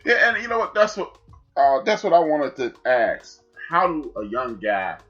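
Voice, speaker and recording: A man in his forties hosting a sports talk podcast, emphatic and animated with shout-outs. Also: a little high, normal speed, slightly rough. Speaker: podcast host. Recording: dull lo-fi sound, faint music.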